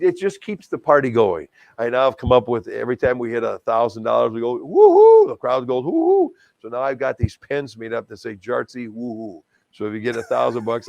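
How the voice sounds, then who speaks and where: Older man, gravelly voice, folksy and animated, casual interview chat, dry close sound. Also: medium pitch, no room sound. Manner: folksy, animated storyteller with self-deprecating jokes. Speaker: TV news anchor and charity auctioneer.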